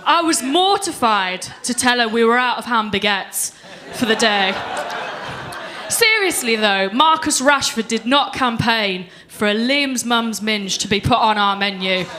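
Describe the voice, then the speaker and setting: A young woman performing a deadpan stand-up set on a comedy club stage. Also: a little high, a little slow. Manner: deadpan storytelling with voiced quotes.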